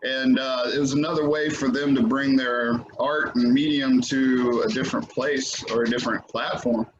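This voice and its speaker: Male podcast host, casual and rambling, full of fillers, mid pitch, slightly muffled audio. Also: fairly even intonation, moderate pace, background noise. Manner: rambling, many fillers and restarts. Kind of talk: casual chat.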